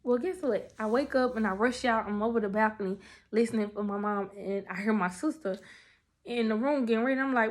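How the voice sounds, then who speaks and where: A young woman telling her faith testimony in a casual, animated, emotional way, talking straight to her listeners. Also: a little high, brisk. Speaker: person sharing a faith testimony. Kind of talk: casual storytelling.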